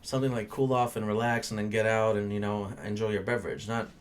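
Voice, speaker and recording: A young man rants about his bartending shift in a loose, foul-mouthed podcast style, blunt and exasperated. His voice sits a little low. A faint hum of ambience runs under the recording. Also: little pitch movement, fast. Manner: blunt, ranting, swears freely. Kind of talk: casual profane storytelling.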